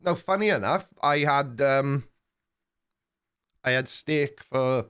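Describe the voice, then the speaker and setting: A man's voice: mid-range voice, takes it slowly, a bit bright, clean tone. An older man with a Welsh accent, hosting a live stream and chatting casually with viewers in a rambling, teasing way. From Wales. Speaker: livestream host reading chat.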